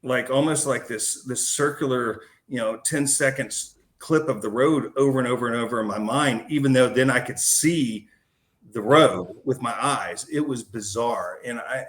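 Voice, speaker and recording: A man, a podcast guest, recounting a personal story in a casual, slangy way. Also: medium pitch. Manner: casual and slangy, calling the host man and dude.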